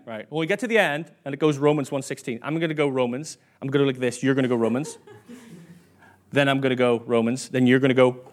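A man's voice: medium pitch, fast. A man preaching a sermon in church, chatty and self-mocking, acting out quoted voices as he tells stories.

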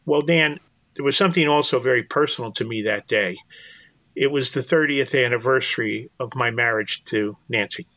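A man's voice: medium pitch, normal speed, sharp tone, dry recording. An older man, telling a personal story earnestly as an interview guest, often repeating words as he goes. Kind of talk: storytelling in conversation.

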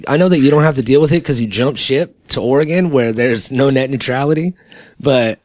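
A man's voice: mid-range voice, a little fast, a little mellow. A man from California hosting a casual podcast chat, rambling, joking and swearing loosely. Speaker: podcast host.

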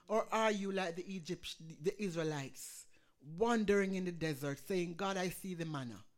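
A woman pastor delivers a sermon with fervor. She rises to ringing calls, then drops to a soft, hushed prayer. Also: fairly low pitch. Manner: passionate preaching, swings from loud calls to hushed prayer.

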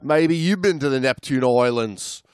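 A man's voice: mid-range voice, a little slow, smooth, dry recording, clean studio sound, lightly acted. A man putting on a joking Australian bloke, hamming up the slang. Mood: jokey.

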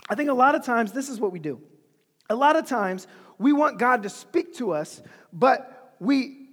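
A preacher giving an animated, humorous, conversational sermon in a large hall. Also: high-pitched.

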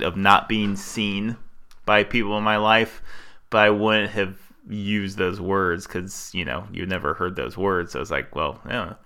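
A man's voice: lowish voice, pushed and bright, clear, resonant tone. A man co-hosting a podcast, talking in a thoughtful, searching way, often stopping and restarting his sentences. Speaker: podcast co-host. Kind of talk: reflective podcast discussion.

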